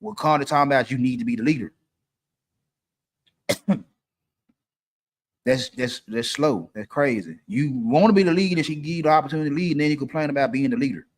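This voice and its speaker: A man's voice: medium pitch, fairly quick, pauses often. A middle-aged man, hosting a live stream and giving blunt dating advice, repeating his points for emphasis. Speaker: livestream host.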